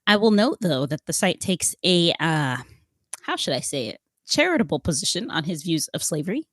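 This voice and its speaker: Podcast co-host, woman, lower voice, measured explainer who keeps asking her partner questions; dead-dry close mic. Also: big pitch swings, dry recording.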